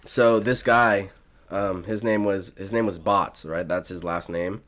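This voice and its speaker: A man's voice: low-pitched, fairly even intonation, unhurried, a bit bright. A young man from South Florida hosting a podcast, telling a rambling story full of swearing and restarts in casual chat. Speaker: podcast host.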